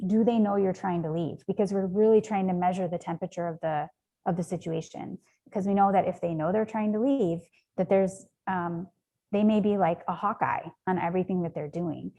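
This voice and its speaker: A nonprofit founder speaks as a guest in a conversational interview, her voice on the low side with a dark tone and a brisk pace. She's earnest but rambling, and ums and likes come up often.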